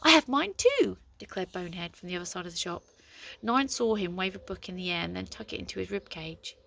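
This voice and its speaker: A woman reading a storybook aloud in a lively, expressive way. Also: lowish voice, quick pace, vocal fry.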